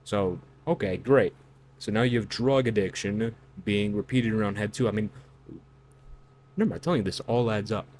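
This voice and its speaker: A man's voice: on the low side, moderate pace, darkish tone, slight background noise. A man giving reaction commentary on song lyrics, incredulous and lecturing, with loose fillers and restarts. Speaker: online commentator.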